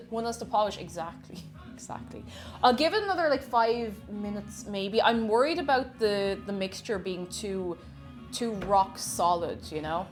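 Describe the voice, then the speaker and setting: A young woman with an Irish accent, chatting casually on a live stream while she bakes, reading chat aloud and joking along. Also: medium pitch. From Ireland.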